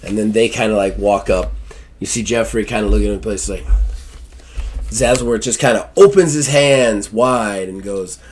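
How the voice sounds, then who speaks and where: A man narrating as game master in a casual, halting way with many fillers. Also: fairly low pitch, a little hiss or hum.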